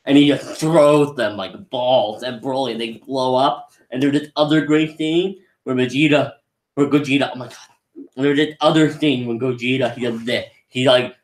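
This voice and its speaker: A man's voice: mid-range voice, fairly even intonation, moderate pace. A young man rambling enthusiastically through a casual live movie review, often restarting his sentences. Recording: roomy echo.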